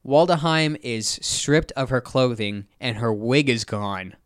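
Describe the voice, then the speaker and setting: A man's voice: mid-range voice, slow pace, no echo, studio quality. A man hosting a podcast, casually recapping a movie plot with lots of filler words. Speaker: podcast host. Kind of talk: casual film recap chat.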